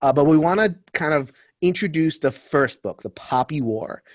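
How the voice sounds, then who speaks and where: A man's voice: a little high, animated, moderate pace, no echo. Upbeat chatty male host, dry sound. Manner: chatty and upbeat, with frequent fillers. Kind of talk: casual book chat.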